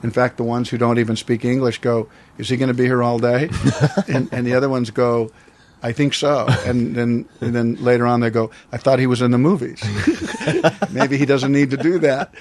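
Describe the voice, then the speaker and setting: A man's voice: medium pitch, steady tone, normal speed, a little mellow. A man in his sixties from the United States, telling a personal story as an interview guest, reflective and rambling with many restarts. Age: 60s.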